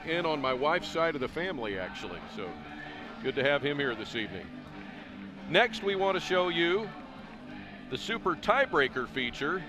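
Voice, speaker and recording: Upbeat male tennis commentator, music behind. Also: a little high. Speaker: play-by-play commentator. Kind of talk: live sports commentary.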